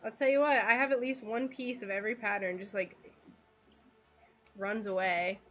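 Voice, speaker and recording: A woman chatting casually with her live-stream viewers while she crafts stained glass, playful and quick to laugh. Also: medium pitch, fairly even intonation, fairly bright tone. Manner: chatty and playful, laughs often, talks to chat.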